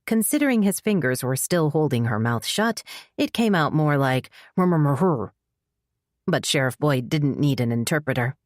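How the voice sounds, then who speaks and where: A woman narrating a cozy mystery audiobook in a measured storytelling manner. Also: sits low, expressive, no room sound, clean studio sound. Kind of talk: scripted narration.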